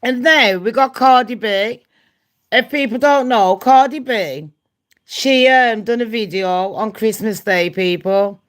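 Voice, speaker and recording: A woman's voice: on the high side, takes it slowly. A woman, hosting her channel and gossiping in a loose, profane way, often laughing at her own jokes. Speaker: channel host. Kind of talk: casual gossip chat.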